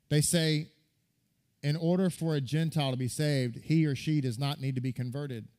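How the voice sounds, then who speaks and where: A man, a rabbi, preaching a sermon to a congregation in an animated way, firing rhetorical questions at his listeners. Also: mid-range voice. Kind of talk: sermon teaching.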